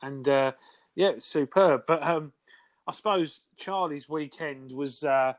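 A man's voice: on the high side, a little slow, dry recording. A man, co-hosting a podcast, teasing a friend in cheeky casual banter. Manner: cheeky, teasing, laughs along. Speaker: podcast co-host.

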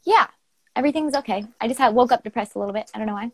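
A bubbly young woman with a slightly high voice, chatting loosely and laughing as she co-hosts a poetry show. She swears casually and talks in quick, animated bursts. The sound comes through a video call. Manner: giggly, swears freely, animated. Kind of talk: casual chat.

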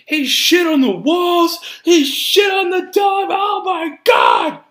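A man voicing a panicked man shrieking about a filthy mess, in a frantic shouting voice. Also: very high voice, wildly swooping pitch, slow pace, gravelly, voice pushed up, heavily acted. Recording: roomy echo.

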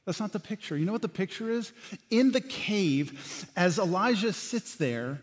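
A man delivers a sermon from the pulpit, his voice sitting a little high. He preaches with animation, acting out quotes and dropping to hushed lines. The sound carries a long reverb from a large church hall. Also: lively intonation, moderate pace. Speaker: pastor.

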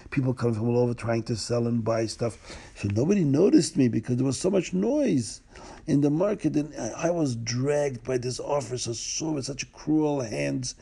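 A man retelling a religious story in a lively way, with asides to the listener, and a gravelly, husky voice. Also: medium pitch.

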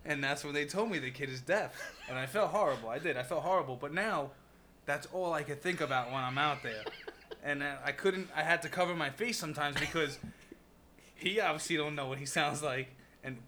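A man's voice: fairly high pitch, fast, pushed and bright, slight background noise. A man, a podcast guest telling a story about himself in casual chat, laughing as he goes. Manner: laughing, self-mocking storyteller.

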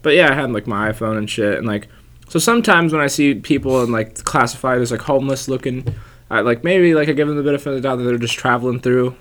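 A man's voice: mid-range voice, quick pace, fairly bright tone. A young man and stand-up comic, telling stories in a laid-back, swearing, casual chat.

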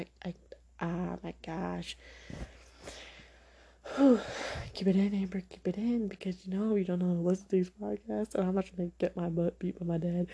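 A woman's voice: fairly low pitch, vocal fry, dark tone, husky. A young woman hosting a podcast, speaking frankly and opinionatedly in a casual monologue full of fillers. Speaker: podcast host.

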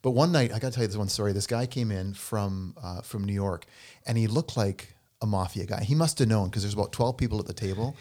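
A man co-hosting a casual podcast chat, telling anecdotes with lively delivery and acting out the people he quotes. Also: lowish voice, fast, few pauses. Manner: animated storyteller, acts out quoted voices. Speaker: podcast co-host and musician.

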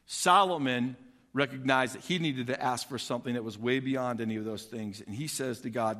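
A man preaching a sermon, retelling a story in an animated, conversational way that swings between loud and soft. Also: medium pitch, normal speed, in a large hall.

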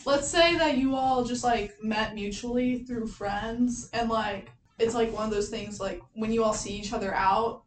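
A young woman from Kentucky co-hosting a student podcast in animated, casual chat. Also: a little high, a little slow, few pauses, slight background noise. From Louisville, Kentucky. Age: young adult. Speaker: podcast co-host. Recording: echoey room with faint ambience.

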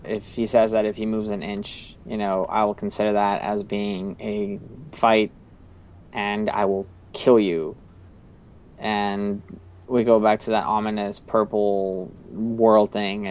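A man's voice: fairly low pitch, a little mellow. A man hosting a casual podcast chat, recapping an episode in a rambling way with many fillers. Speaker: podcast host. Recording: slightly muffled, dry recording.

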